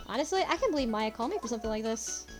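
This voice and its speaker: A woman's voice: on the high side, expressive, very fast, faint music behind. A woman chatting casually while playing a story game, rambling in asides. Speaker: let's play host.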